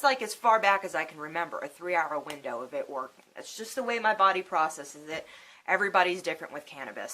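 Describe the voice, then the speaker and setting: A woman's voice: mid-range voice, pushed and bright. A woman in her thirties telling a personal story to camera in a casual vlog, emotional and swearing freely. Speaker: vlogger.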